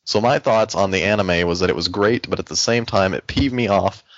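A man's voice: low voice, a little fast, a bit bright, no room sound, muffled recording. A man co-hosting a casual gaming podcast, joking and laughing as he reads out a listener message. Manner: joking, laughs often, playful. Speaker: podcast co-host reading listener mail. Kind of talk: casual group podcast chat.

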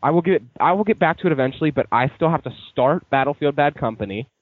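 A man's voice: fairly high pitch, expressive, quick pace, dry recording, narrow, tinny audio. A man on a casual gaming podcast, easygoing and rambling as he shares his views. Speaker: podcast co-host. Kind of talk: casual group podcast chat.

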